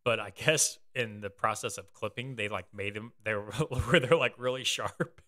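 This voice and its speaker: A young man hosts a podcast in easygoing chat, telling a story with loose, rambling delivery and casual swearing. His voice is bright and forceful and sits slightly low. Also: moderate pace. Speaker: podcast host.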